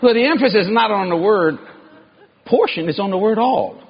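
Male preacher, very high voice, emphatic sermon, dull lo-fi sound with faint hiss. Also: animated, a little fast, vocal fry. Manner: emphatic, shouting at peaks. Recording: dull lo-fi recording with faint noise.

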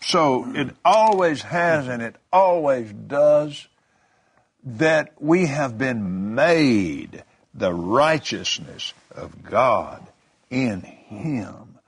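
A man's voice: mid-range voice, lively intonation, very slow, slightly rough. An older man, a minister co-hosting, telling folksy stories and preaching in casual conversation with laughs and restarts. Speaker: minister co-host.

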